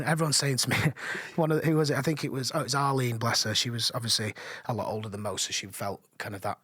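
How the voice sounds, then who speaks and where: A man, a podcast guest telling animated stories with frequent laughs. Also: mid-range voice, fast, husky. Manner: animated storytelling, laughs often. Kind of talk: casual chat. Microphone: studio mic.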